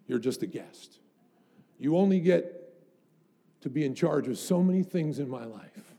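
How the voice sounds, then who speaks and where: A man's voice: on the high side, animated, a little slow, pauses often, dark tone, breathy edge. A middle-aged man preaching a sermon as pastor, emphatic, building up with rhetorical questions to the congregation.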